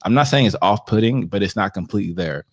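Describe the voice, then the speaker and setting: A man co-hosting a casual chat show, measured and explanatory, speaking with confidence. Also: fairly low pitch, lively intonation, slightly rough, no echo, studio quality. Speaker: podcast co-host.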